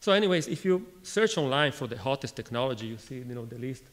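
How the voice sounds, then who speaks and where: Italian guy giving a tech talk, stop-start delivery, mid-pitched voice, long echo from the hall. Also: animated. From Italy. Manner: halting, frequent restarts and fillers, asks the audience questions. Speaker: conference speaker. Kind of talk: technical conference talk. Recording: reverberant lecture hall.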